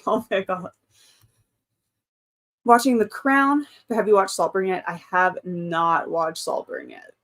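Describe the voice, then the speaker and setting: A woman's voice: mid-range voice, very animated, slow pace, long pauses, fairly bright tone. Brief: woman, 30s, livestream host, casual and chatty, mid-range voice. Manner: chatty, reads out chat comments, frequent laughs. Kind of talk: casual live-stream chat.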